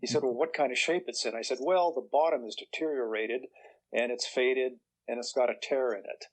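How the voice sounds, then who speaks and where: An older man, a guest author, telling relaxed anecdotes in a chatty way and acting out the voices of people he quotes. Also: medium pitch, a little fast, low-quality recording. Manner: chatty, acts out quoted voices, chuckles through punchlines.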